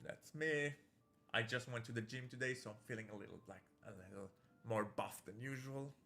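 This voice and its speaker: Faint game music plays as a man with a mid-range, sharp voice and some vocal fry streams a visual novel at a normal pace. He reads the game's text out loud and clowns around in a campy, playful style while commentating casually.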